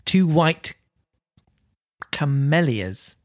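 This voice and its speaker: Lively storyteller reading aloud. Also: mid-range voice, extremely slow, dry recording, clean studio sound. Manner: expressive reading, lively intonation.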